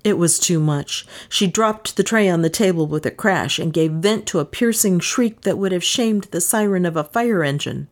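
A woman narrating an audiobook in a measured, unhurried reading voice. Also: fairly low pitch.

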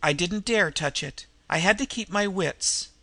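A man voicing a sick, desperate woman criminal in disguise, who speaks in a hoarse, labored voice with slangy underworld talk. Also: sits high, unhurried, pushed and bright, no echo, heavily acted.

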